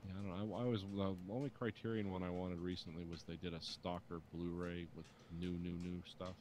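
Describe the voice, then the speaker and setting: Low-voiced wry man chatting on a podcast. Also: little pitch movement, fairly quick, darkish tone, a little hiss or hum. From United States. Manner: dry, wry asides. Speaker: podcast co-host. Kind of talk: casual chat.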